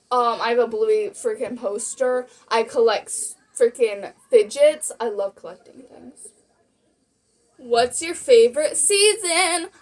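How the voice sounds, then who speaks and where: A young woman chats through a casual Q&A vlog with a slightly high voice. She sounds bubbly and rambling and giggles easily at her own jokes. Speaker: vlogger. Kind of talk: casual Q&A chat.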